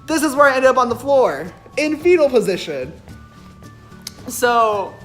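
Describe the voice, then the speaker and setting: A young man casually telling a story on a vlog, animated, joking and swearing freely. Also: very high-pitched, unhurried, faint music behind. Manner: animated, profane, jokey.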